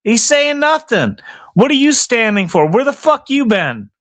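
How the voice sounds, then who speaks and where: A man's voice: very high-pitched, very animated, measured pace. A man livestreaming outdoors in the cold, ranting angrily and profanely at his chat and at himself.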